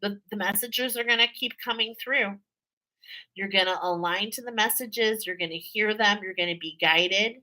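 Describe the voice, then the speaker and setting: A woman's voice: mid-range voice, normal speed, pushed and bright, poor audio. A woman giving a casual spiritual tarot reading to her viewers, chatty and repetitive, often checking in with "okay?". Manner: chatty, repeats herself, frequent "okay?" and laughs. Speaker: tarot card reader.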